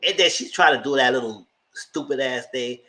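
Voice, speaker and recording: A man hosting a channel, recapping TV episodes in casual, gossipy commentary, swearing freely and jumping into squealed exclamations. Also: brisk. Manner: animated, gossipy retelling with frequent swearing; breaks into high squealing exclamations. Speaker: TV show reviewer and channel host.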